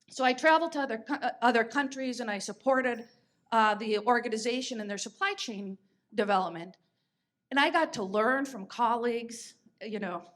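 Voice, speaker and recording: A woman's voice: a little high, a bit bright. A woman in her fifties, a podcast host telling stories in a chatty way, with fillers and restarts. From United States. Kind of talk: conversational storytelling.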